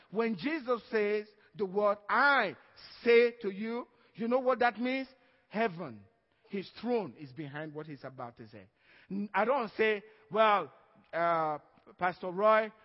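A man's voice: high voice, big-room sound, highs cut off. A male pastor preaching a sermon, stressing words hard and often asking the congregation "Amen?".

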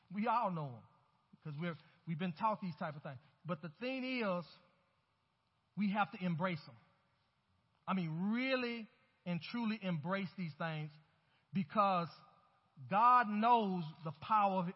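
A man's voice: sits high, expressive, unhurried, pauses often, husky, in a large hall. A man preaching a sermon as pastor, with emphatic rises and calls to the congregation. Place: church sanctuary. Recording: dull, hollow-sounding church recording.

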